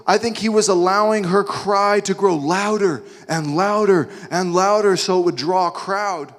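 A male preacher delivering a sermon in a dramatic storytelling way, with wry asides. His voice sits a little high. The sound carries the long reverb of a large sanctuary.

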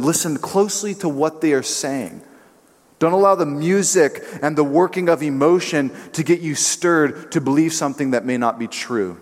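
A man preaching a sermon in an emphatic way, now and then acting out what others say in changing voices. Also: a little high. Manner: emphatic, acts out quotes in shifting voices. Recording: long hall reverb.

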